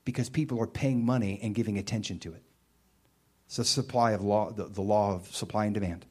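A man preaching a sermon in a conversational way, with emphatic bursts and quieter stretches. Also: lowish voice, fairly even intonation, brisk. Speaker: pastor.

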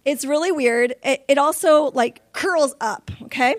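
A woman in her forties preaching, telling personal stories in an animated way. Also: high-pitched, a little slow, dry recording. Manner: animated storytelling, laughing and crying through stories. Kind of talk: sermon testimony.

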